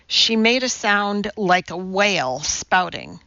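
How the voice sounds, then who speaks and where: A woman narrating a novel in a measured, even reading. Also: mid-range voice, dry recording, muffled recording. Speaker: audiobook narrator. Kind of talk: scripted narration.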